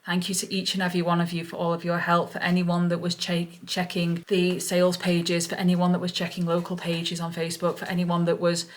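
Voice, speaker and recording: A woman's voice: lowish voice, completely flat delivery, fairly quick, few pauses. A woman vlogger telling a story in an emotional, relieved way, gushing and repeating herself over and over. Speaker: parrot-keeping vlogger. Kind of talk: emotional vlog retelling.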